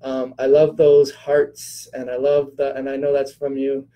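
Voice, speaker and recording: A man's voice: medium pitch, monotone, unhurried, dark tone, rough recording. A middle-aged man hosting a casual live-stream Q&A, chatty, with many fillers, greeting viewers by name.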